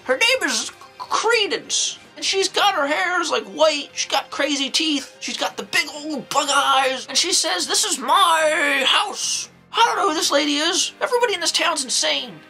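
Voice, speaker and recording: A woman doing a high, bright-voiced old nun. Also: lively intonation, normal speed, faint music behind, exaggerated voice. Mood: rambling, amused. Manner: rambling, folksy exclamations, jumps into acted quotes. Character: eccentric old nun, folksy and excitable. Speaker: horror movie reviewer. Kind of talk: in-character comedic movie review.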